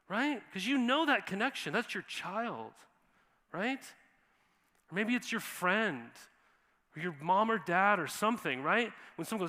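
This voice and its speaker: A man preaching in a church, his bright and forceful voice sitting a little high for a man. He talks casually and animatedly, slipping into quoted voices. A long reverb from the hall trails behind his words. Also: animated, normal speed. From Montana. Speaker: pastor. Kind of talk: sermon. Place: church sanctuary.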